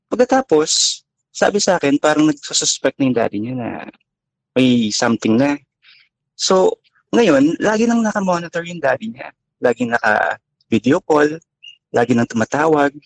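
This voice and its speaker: Man, halting storytelling, lots of fillers, lively pitch, dry sound. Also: no echo, poor audio. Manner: hesitant storytelling with many fillers, in Tagalog. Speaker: guest telling a story. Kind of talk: casual chat.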